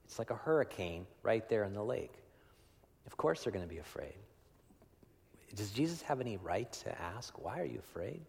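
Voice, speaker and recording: A man preaching a sermon in a conversational way, often asking "right?" and swinging between loud emphasis and hushed, near-whispered lines. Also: on the low side, very animated, normal speed, creaky, pauses often. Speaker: pastor. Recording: long hall reverb.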